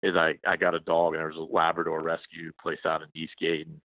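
Deep-voiced man on a tinny phone line. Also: monotone, quick pace, dry recording. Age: 40s. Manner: rambling, many restarts and fillers. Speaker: journalist guest. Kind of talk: casual interview chat.

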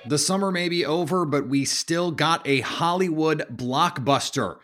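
A man hosting a sports podcast, punchy and energetic as he sets up debates. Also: on the high side, measured pace, faint music behind. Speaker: podcast host.

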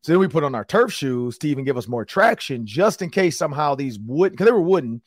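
A man hosting a sports talk show, telling a story in casual podcast style, animated and slangy. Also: fairly high pitch, fast, dry recording, clean studio sound. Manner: animated, acts out quotes in slangy banter.

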